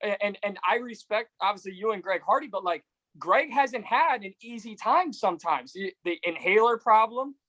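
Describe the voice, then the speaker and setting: A man's voice: high-pitched, expressive, bright, forceful tone, dry recording, rough recording. A man hosting a podcast interview, talking conversationally, telling stories and agreeing readily with his guest. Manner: conversational, storytelling, quick to agree. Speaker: podcast host.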